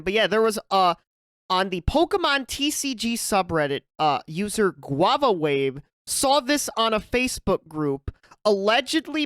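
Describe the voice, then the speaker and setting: A woman's voice: medium pitch, dry recording, clean studio sound. A woman co-hosting a gaming news podcast in casual chat, laughing often and swearing casually. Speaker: podcast co-host.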